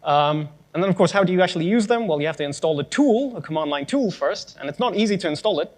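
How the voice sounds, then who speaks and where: A man's voice: high voice, lively intonation, quick pace, darkish tone. Sarcastic man giving a tech talk. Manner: sarcastic, joking asides. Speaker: conference speaker.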